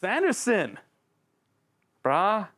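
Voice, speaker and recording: A channel host giving a casual, excitable spoken book review, joking around and talking straight to the author and characters. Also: very slow, a little hiss or hum. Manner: excitable and jokey, with big swings in pitch; addresses the author and characters directly, playful slang.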